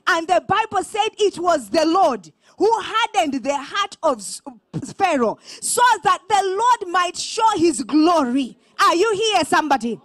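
A woman with a Malawian accent preaching an impassioned sermon, repeating calls to her listeners and often rising to a shout. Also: very high voice, very animated, measured pace, no room sound. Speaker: prophetess preaching.

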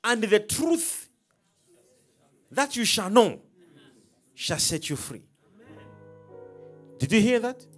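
Male preacher, high and very animated, emphatic call-and-response, faint music under. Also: slow pace, long pauses, husky. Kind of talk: sermon.

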